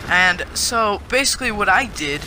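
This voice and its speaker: A male vlogger telling a story to the camera in an animated, indignant way. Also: sits high, moderate pace, slight background noise.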